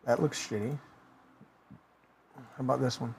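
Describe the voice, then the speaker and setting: A man's voice: mid-range voice, steady tone, unhurried, creaky, a little mellow, slight background noise. A man hosting a casual podcast chat, talking loosely, laughing easily and filling gaps with "uh". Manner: loose and chatty, laughs easily, lots of "uh" while clicking around. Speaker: podcast host.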